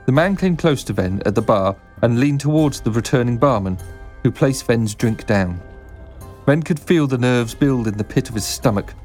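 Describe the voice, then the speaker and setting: A man reading a fantasy story aloud in a steady, descriptive storybook narration. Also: mid-range voice, moderate pace, soft background music.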